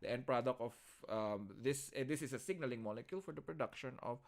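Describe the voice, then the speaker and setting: A man's voice: mid-range voice, fast talker. A man with a Filipino accent lecturing an online class, teasing his students and switching between English and Tagalog.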